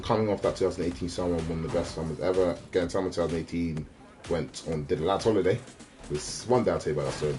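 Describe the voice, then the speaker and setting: A man, chatting casually on a livestream in a rambling, slangy way that often breaks off mid-sentence. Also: low-pitched. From South West London. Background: faint radio music.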